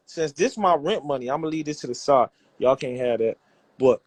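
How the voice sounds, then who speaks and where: A man's voice: medium pitch, normal speed. Man hyping a cash giveaway. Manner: loud, profane, repetitive hype talk. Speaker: rap label owner running a giveaway. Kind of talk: hyped social media livestream.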